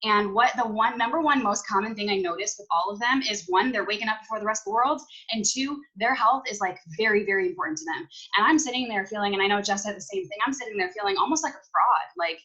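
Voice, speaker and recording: A young woman talks to her team over a video call from home, chatty and emphatic, often saying each key point twice. Her voice is bright and forward, at a middle pitch. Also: fast, hardly any pauses, muffled recording. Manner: chatty, emphatic, repeats key points, lots of "you guys" and "like". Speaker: team leader recapping a conference. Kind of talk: casual motivational talk on a video call.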